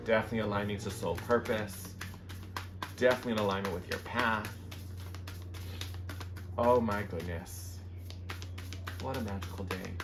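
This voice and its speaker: A man doing a casual tarot reading to camera, gushing and excitable about each card. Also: fairly low pitch, moderate pace, pauses often, music in the background. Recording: noisy background hiss.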